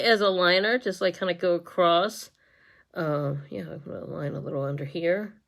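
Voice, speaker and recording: A woman's voice: on the low side, steady tone, normal speed, gravelly. Woman beauty vlogger, casual and giggly, talks while doing her makeup on a phone camera, lots of restarts and murmured asides. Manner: chatty, giggly, trails off and restarts often. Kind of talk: casual get-ready-with-me makeup tutorial.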